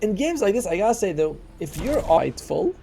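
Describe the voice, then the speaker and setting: Gravelly, chatty esports color commentator man. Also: high-pitched, big pitch swings, a little fast, dark tone, soft background music. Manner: chatty, thinks aloud with fillers and gasps. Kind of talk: casual esports analysis commentary.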